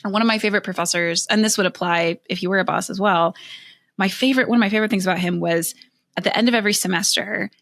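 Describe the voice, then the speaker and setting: A woman's voice: medium pitch, quick pace, a bit bright, no echo, studio quality. A young adult woman being interviewed as a podcast guest, telling reflective stories and often laughing as she talks. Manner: reflective storytelling with frequent laughs. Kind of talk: conversational interview answers.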